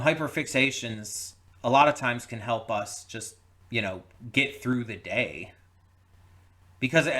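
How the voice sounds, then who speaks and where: A man hosting a casual movie reaction, musing aloud with an earnest, heartfelt tone. His voice sits at an ordinary middle pitch and wanders through fillers and restarts as he thinks out loud. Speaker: movie reaction channel host. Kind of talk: casual spoken reflection.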